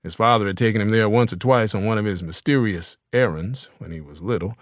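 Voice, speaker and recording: On the low side in pitch, a man delivers scripted audiobook narration with an even, measured storytelling manner. The recording is studio quality and free of echo.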